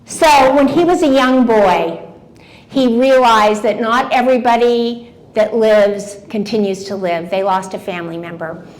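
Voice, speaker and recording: A woman in her seventies giving a lively talk to a seated audience, asking them questions directly. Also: on the high side, measured pace. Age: 70s. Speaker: motivational speaker. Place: event room with a seated audience.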